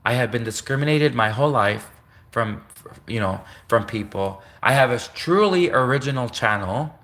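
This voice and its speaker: A man's voice: medium pitch, animated, normal speed, a bit bright. Rambling man ranting on stream. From Canada. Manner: rambling, indignant, with joking asides. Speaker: livestreamer. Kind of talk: ranting solo livestream.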